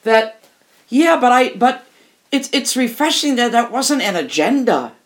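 A woman's voice: fairly high pitch, expressive, measured pace. An older woman, a musician and interview guest, telling candid stories in an emphatic way and often repeating phrases for emphasis.

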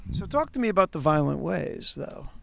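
A man's voice: on the high side, big pitch swings, normal speed, gravelly, fairly bright tone. A man interviewing a band, asking probing follow-up questions.

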